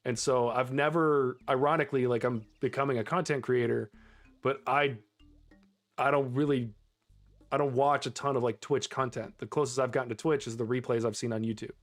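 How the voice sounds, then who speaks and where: A man's voice: medium pitch, steady tone, a little fast, soft background music. A young man chatting casually with his viewers while he plays a game on stream, laughing often. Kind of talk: casual live-stream chat while gaming.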